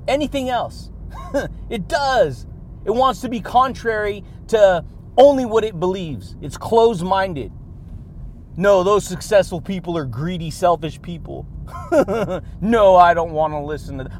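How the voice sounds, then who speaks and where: A man hosting a motivational podcast, hyped and energetic, laughing between phrases and calling his listeners buddy and baby. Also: high-pitched, a little hiss or hum. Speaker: podcast host. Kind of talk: motivational monologue.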